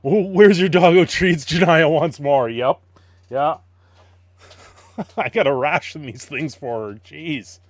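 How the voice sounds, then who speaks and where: A man's voice: fairly high pitch, slow, pauses often, dry recording. A man casually chatting on a live stream, greeting viewers and playing with his dog, laughing often. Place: home.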